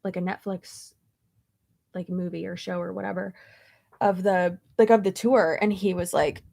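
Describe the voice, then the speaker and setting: A woman's voice: on the low side, fairly even intonation, moderate pace, gravelly, a little mellow. A woman vlogger chatting casually, rambling through a story with lots of fillers and restarts. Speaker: beauty vlogger.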